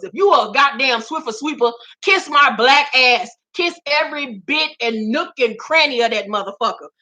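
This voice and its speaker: A woman with a high, sharp, bright voice hosts her own gossip vlog. She rants with heavy profanity and emphatic repetition. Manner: profane, emphatic, repeats lines for effect. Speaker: vlog host. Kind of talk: celebrity gossip rant.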